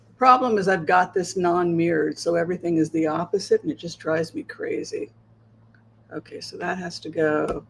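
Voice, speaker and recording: A woman's voice: on the low side, gravelly, a little hiss or hum, rough recording. A woman hosting a tarot livestream, chatting casually and rambling as she checks in with her viewers. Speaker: tarot reader and livestream host.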